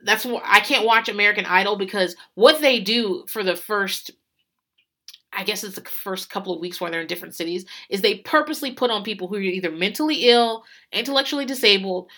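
Woman, podcast host, casual rambling recap, cursing, frequent laughs, middle pitch, bright tone. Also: fairly quick. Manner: swears freely, rambling, laughs often. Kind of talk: casual chat.

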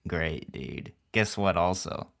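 A man's voice: sits low, takes it slowly, vocal fry, fairly bright tone. A man hosting a recorded casual chat, playful and joking, and laughing often.

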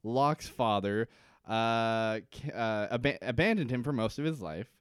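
A man's voice: medium pitch, lively intonation, a little slow, clean tone, no echo, studio quality. A man co-hosting a podcast, recapping a TV episode in a jokey, rambling way with fillers and restarts. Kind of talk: casual chat recap.

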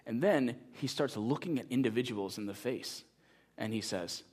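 A man preaching a sermon as pastor, telling a story with lively energy and then making a quiet, earnest appeal to the congregation. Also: mid-range voice, moderate pace.

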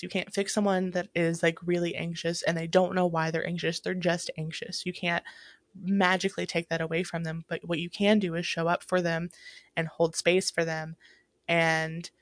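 Low-voiced woman in reflective chat. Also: dry recording. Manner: reflective, many "like" fillers and restarts. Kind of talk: casual chat.

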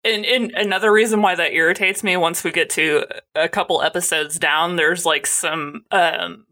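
A woman's voice: on the low side, steady tone, normal speed, pushed and bright. A young woman co-hosting a casual chat, laughing often, swearing freely and voicing irritation. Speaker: podcast co-host.

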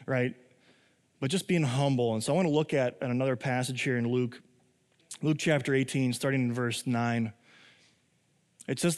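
A pastor in his thirties preaches a conversational sermon in a voice on the high side, trailed by long reverb. He keeps tossing in "right?" as a tag question and acts out quotes in a lively way.

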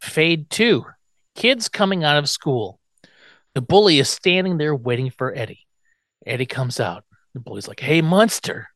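A man's voice: a little high, lively intonation, moderate pace, a bit bright, no echo. A man co-hosting a podcast, chatting casually as he recaps an episode, laughing often and acting out the quotes. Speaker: podcast co-host.

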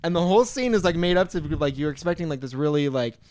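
A man co-hosting a casual podcast, retelling film scenes with lively quoted lines. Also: fairly high pitch, quick pace, few pauses, clear, resonant tone, no room sound. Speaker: podcast co-host. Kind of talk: casual chat.

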